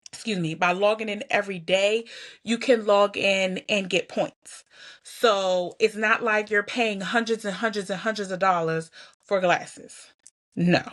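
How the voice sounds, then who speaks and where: Chatty woman host, mid pitch, candid and emotional, on the edge of tears. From Georgia, US. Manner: chatty, candid, laughs and sighs often. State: holding back tears. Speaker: podcast host. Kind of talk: casual personal vlog talk.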